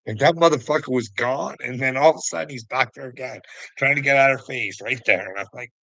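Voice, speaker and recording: A man's voice: mid-range voice, a little fast, vocal fry, a bit bright, no room sound, low-quality recording. A man ranting casually to a critic, taunting him with profanity and frequent chuckles. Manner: mocking, chuckling often, calls the listener "bud". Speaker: vlogger answering a critic. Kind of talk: casual rambling rant.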